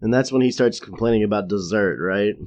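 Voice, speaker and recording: A man co-hosting a podcast, chatting casually about a cartoon episode and tossing in quick impressions and laughs. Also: lowish voice, darkish tone. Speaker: podcast co-host.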